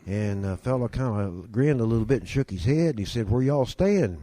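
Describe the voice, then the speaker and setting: Warm in tone, lowish, and fairly quick, a man from Kentucky shares folksy stories as a guest with no room sound. He drawls like a yarn-spinner and imitates the people he describes.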